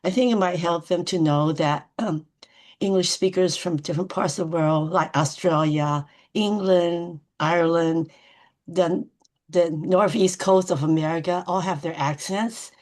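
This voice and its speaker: A woman speaking as a volunteer tutor in a casual group discussion on a video call, commenting in a measured, thoughtful way. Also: fairly low pitch, steady tone, darkish tone.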